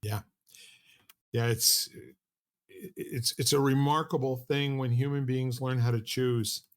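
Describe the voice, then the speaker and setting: A man's voice: medium pitch, fairly even intonation, measured pace. A man co-hosting a conversational podcast, telling stories in a loose, rambling way with frequent restarts and asides. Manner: rambling, with many restarts and "you know" asides. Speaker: podcast co-host. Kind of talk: casual conversational storytelling.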